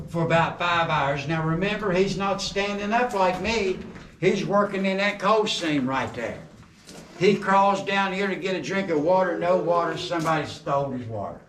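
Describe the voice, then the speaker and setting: With a high-pitched, fairly bright voice, a middle-aged tour guide jokes and tells folksy stories as he leads people through a coal mine's underground tunnel. The sound carries a roomy echo and background noise, recorded from a distant camera.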